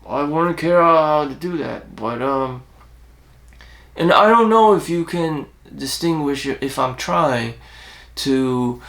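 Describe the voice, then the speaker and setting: A man with a raspy voice talking through a rambling self-reflective monologue, blunt and profane, halting with frequent restarts. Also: medium pitch, a bit bright. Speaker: self-help vlogger.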